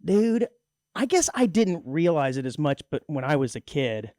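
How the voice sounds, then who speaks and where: A man's voice: a little high, big pitch swings, normal speed, dark tone, no echo, clean studio sound. A man co-hosting a community radio show in casual comedic chat, joking and laughing often. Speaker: radio co-host. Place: radio studio.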